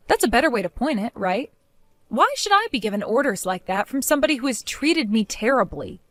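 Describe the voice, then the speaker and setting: A woman voicing a defiant, mocking young daughter-in-law in an animated story, speaking in a sarcastic way. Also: fairly high pitch, fairly quick, no room sound. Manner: sarcastic, mocking, laughs often.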